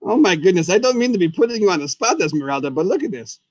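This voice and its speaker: A man hosting a live puppet talk show as a goofy, chatty skeleton, rambling and excitable, and referring to himself in the third person. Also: high voice, fast talker, no echo. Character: goofy skeleton host, male, chatty and silly. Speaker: host.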